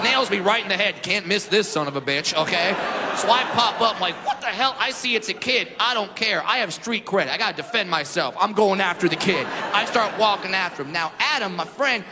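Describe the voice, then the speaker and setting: A man performing a stand-up comedy set on a club stage, loud and animated, shouting his punchlines. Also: sits high, noisy background. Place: comedy club stage before a live audience. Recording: reverberant club with crowd laughter.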